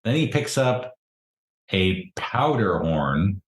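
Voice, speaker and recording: A man narrating a tabletop game as game master in a relaxed, easygoing way. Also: low voice, slow pace. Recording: roomy echo.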